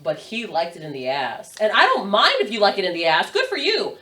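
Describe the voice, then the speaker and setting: A woman's voice: on the low side, sing-song, brisk, sharp tone, far from the mic. A young adult woman, a podcast guest, telling a story in casual chat, swearing and laughing often. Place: podcast studio.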